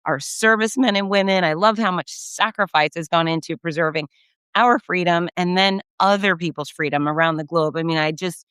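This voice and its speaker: A middle-aged American woman hosting a podcast, talking in a casual, gushing monologue that jumps up in pitch when she gets excited. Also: a little fast, smooth, no echo, clean studio sound. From United States. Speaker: podcast host.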